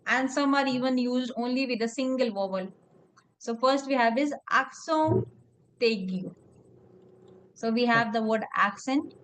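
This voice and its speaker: A woman's voice: on the high side, measured pace, rough recording. A woman teaching French pronunciation in a one-on-one lesson, explaining patiently step by step. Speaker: French tutor.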